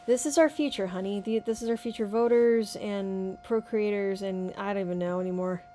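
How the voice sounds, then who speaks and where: A woman's voice: mid-range voice, steady tone, normal speed, warm tone, slight background noise. Chatty wry woman podcast host. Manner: chatty, wry, addresses listener as honey. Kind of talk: casual commentary on clips.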